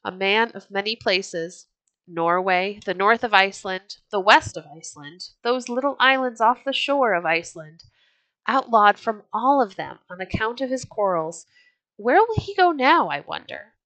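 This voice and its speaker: A woman's voice: mid-range voice, expressive, moderate pace, fairly bright tone, no room sound, natural voice. A woman reading the lines of an admiring bystander who muses in a storytelling manner. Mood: musing. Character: gossiping bystander, admiring and musing.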